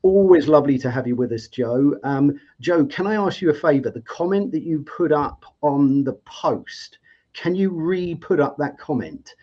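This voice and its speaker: A man's voice: on the high side, lively intonation, moderate pace. A man hosting a live debate show, upbeat and chatty, with plenty of fillers and restarts. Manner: enthusiastic, lots of fillers and restarts. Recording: slightly dull lo-fi audio.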